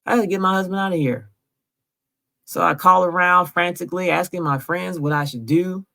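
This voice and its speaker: A woman's voice: lowish voice, steady tone, fairly quick, vocal fry, fairly bright tone. A woman from Georgia telling her story straight to camera, insistent and emotional, often checking in with her viewers. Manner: insistent, keeps asking "right?". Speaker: vlogger. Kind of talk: emotional direct-to-camera vlog.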